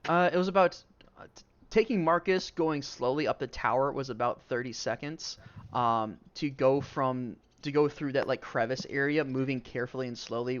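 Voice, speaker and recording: A man running a tabletop game as game master, describing scenes in a loose, rambling, hesitant way with lots of fillers. His voice sits at an ordinary middle pitch. The recording is a little dull and lo-fi. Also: smooth.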